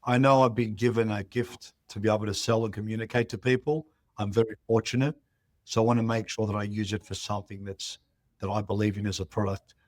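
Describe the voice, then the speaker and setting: A man's voice: lowish voice, brisk, dry recording. A man, a real estate chief executive telling stories in an interview and acting out the dialogue in them. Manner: animated, acts out dialogue in stories. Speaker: real estate CEO, guest. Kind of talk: interview storytelling.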